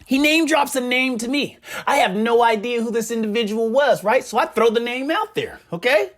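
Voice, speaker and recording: Animated man telling gaming gossip. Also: very high voice, normal speed. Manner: animated storytelling with a repeated catchphrase. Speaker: gaming community commentator. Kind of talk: casual commentary.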